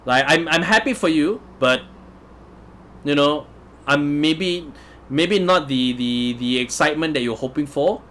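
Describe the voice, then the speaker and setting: A man's voice: a little high, a little slow, a bit bright, a little hiss or hum. A man hosting a casual live stream, answering viewer comments in a chatty way and chuckling often. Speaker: livestream host reading chat.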